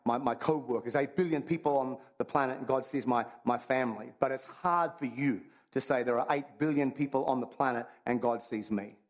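A man delivering a sermon in an easygoing, conversational way. He jokes with the congregation and repeats key lines over and over for emphasis, his voice sitting in an ordinary middle pitch. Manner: conversational and humorous, repeats phrases. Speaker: pastor.

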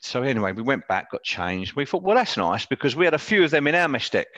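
A man spins a rambling service yarn with lively, swinging intonation, chuckling as he goes and tossing in "right?" and "didn't we?". His voice sits in a middle register and sounds close and dry, with no room around it. He talks in a casual, chatty way. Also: mid-range voice, fast, dry recording, muffled recording. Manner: animated, chatty, laughs mid-story, tag questions. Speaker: guest, Royal Navy veteran. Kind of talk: casual anecdotal storytelling.

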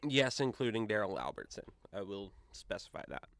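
A man running a tabletop game as game master, narrating in a relaxed, meandering way. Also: fairly low pitch, fairly quick, creaky, dry recording.

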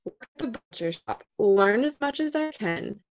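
A woman's voice: medium pitch, lively intonation, moderate pace. A woman in her thirties from Minnesota with a Minnesotan accent, chatting as a podcast guest and laughing often as she tells stories. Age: 30s. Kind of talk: casual storytelling chat.

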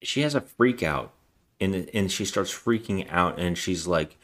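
A man's voice: low-pitched, expressive, a little slow, a bit bright. A man co-hosting a casual film review podcast, animatedly retelling scenes and acting out the lines. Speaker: podcast co-host.

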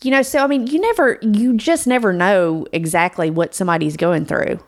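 A woman's voice: mid-range voice, fairly quick. A woman co-hosting a podcast in casual chat, reflective and searching for the right words as she explains her point. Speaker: podcast co-host.

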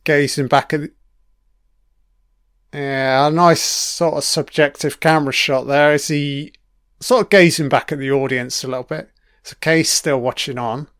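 A man's voice: a little high, fairly even intonation, measured pace, fairly bright tone, clean tone, no echo, clean studio sound. A man giving a casual, profane commentary while watching a TV series, chatty and reacting as he goes. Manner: sweary, chatty, reacting to the screen.

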